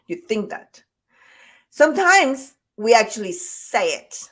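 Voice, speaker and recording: A woman's voice: mid-range voice, big pitch swings, a little slow. A woman self-love coach giving a conversational motivational talk, speaking emphatically and repeating her key points.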